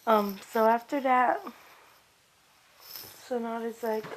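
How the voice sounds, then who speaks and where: A young female storyteller improvising a fan story, halting and restarting, louder and excited in the fight scenes, with faint noise behind. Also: on the high side.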